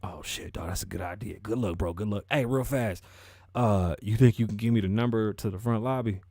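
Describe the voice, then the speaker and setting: A man's voice: on the low side, brisk, warm tone, no echo, clean studio sound, pitched below the performer's own voice. A man putting on a stammering, panicky trapped caller. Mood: relieved. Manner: stammering, pleading. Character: panicked young man trapped calling emergency line.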